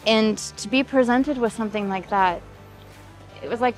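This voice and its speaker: A fairly high-voiced woman talks straight to her viewers in a personal vlog. She acts out quoted back-and-forth with lively emphasis and stacks up points in emphatic lists. Faint music plays underneath. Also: normal speed. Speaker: relationship coach. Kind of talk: personal vlog storytelling with advice.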